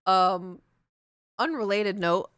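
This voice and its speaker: A woman's voice: mid-range voice, slow, a bit bright, clear, resonant tone, dry recording. Young female streamer, rambly and self-mocking, chatty fillers, dead-dry studio mic. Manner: rambling, self-deprecating, laughs often, many fillers. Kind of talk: casual live-stream chat. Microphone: large studio microphone.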